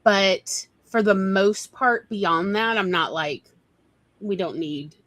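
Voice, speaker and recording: A woman's voice: medium pitch, slow pace, fairly bright tone, no room sound, poor audio. Chatty woman host, dry close sound. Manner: chatty, enthusiastic, many fillers. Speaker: host, writer. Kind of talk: casual chat.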